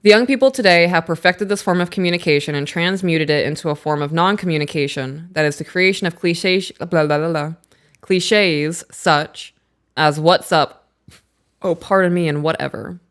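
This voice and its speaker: Podcast lady in her 30s, lowish voice, reads from a book then acts out all the quotes in her stories. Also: normal speed. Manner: animated storyteller who acts out quotes. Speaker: podcast co-host. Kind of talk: casual podcast chat, reading aloud from a book.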